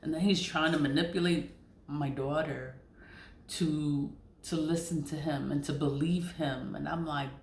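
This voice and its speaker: A woman's voice: low-pitched, steady tone, unhurried. Blunt, swearing woman in a roomy space. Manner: blunt and candid, swears freely, laughs between lines. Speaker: spiritual content creator. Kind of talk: casual personal storytelling. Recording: roomy echo.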